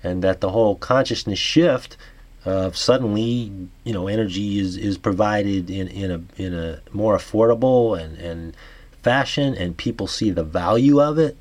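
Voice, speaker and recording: A man with a New York accent, his voice sitting on the low side. He reads an article aloud and then thinks out loud in a halting way. He restarts his sentences often and trails off into fillers. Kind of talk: reading articles and musing aloud.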